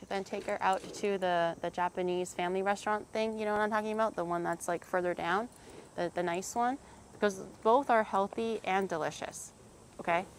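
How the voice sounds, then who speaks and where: Chatty woman streamer, teasing and cursing a lot, faint hiss behind. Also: medium pitch. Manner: chatty, teasing, swears freely, laughs often. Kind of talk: casual stream chat.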